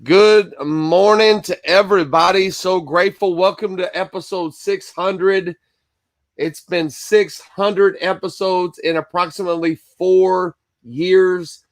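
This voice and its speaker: A man's voice: high voice, steady tone, slow, no room sound, clean studio sound. A man hosting a live-streamed Bible study from Michigan, chatting casually and greeting viewers by name between rambling asides.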